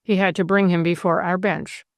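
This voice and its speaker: A woman's voice: fairly low pitch, flat delivery, moderate pace, dry recording, lightly acted. A woman voicing an older male magistrate who talks in a sly, dry, confidential way.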